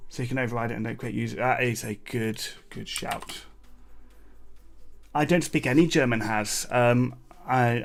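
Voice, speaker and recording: A man's voice: mid-range voice, gravelly. A man from Britain hosting a live coding stream, thinking aloud with plenty of fillers and asides to his chat. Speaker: livestream coding host. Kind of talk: casual live coding commentary. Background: keyboard typing.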